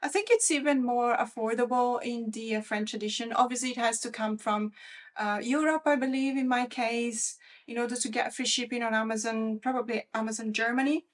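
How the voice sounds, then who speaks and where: A woman's voice: fairly high pitch, steady tone, brisk. A woman hosting a casual vlog, chatting in a rambling way with lots of fillers and restarts. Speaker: tarot channel host. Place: lives in Australia.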